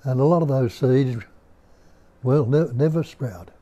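An older man with an Australian accent, giving a slow, musing spiritual talk at home and putting rhetorical questions to his listeners. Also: medium pitch, warm tone. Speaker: spiritual teacher. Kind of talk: unhurried nondual teaching talk. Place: indoor room at home.

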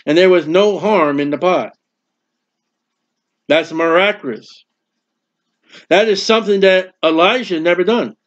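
A man with a high voice preaches a sermon, spinning homely stories and acting out what people say in them. The sound is dull and lo-fi, like an old church tape. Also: a little slow, long pauses. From United States. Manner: folksy storytelling with acted quotes. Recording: dull lo-fi recording.

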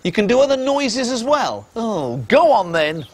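A man's voice: very high-pitched, measured pace, slight background noise. Playful male children's TV presenter. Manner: animated, playful, teasing. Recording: music bed behind the voice. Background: music.

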